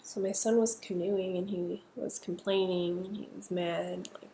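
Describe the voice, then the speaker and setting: A middle-aged woman narrates a personal story, pausing and restarting as she reflects. Her voice has a gravelly fry, and it sits in an echoey room with a faint hum of noise behind it. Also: medium pitch, steady tone, warm tone.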